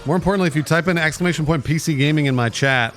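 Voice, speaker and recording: A man's voice: a little high, racing, soft background music. A man co-hosting a stream, chatting casually and joking while watching a gaming show. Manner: laid-back, joking, breaks into loud silly shouts. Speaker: streamer co-host.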